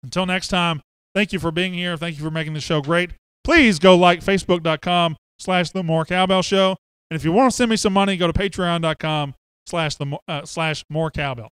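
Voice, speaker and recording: A man's voice: on the high side, fairly even intonation, a little fast, a bit bright, clean tone, dry recording. A man hosting a sports podcast, chatty and joking as he reads viewer comments aloud. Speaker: podcast host. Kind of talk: casual sports podcast chat.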